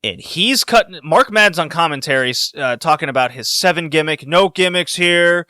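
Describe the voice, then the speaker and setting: A man co-hosting a podcast, telling a story in a casual, animated way and laughing along. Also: a little high, normal speed, few pauses, dry recording, studio quality. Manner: animated storytelling, laughing, voices rising when excited. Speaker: podcast co-host.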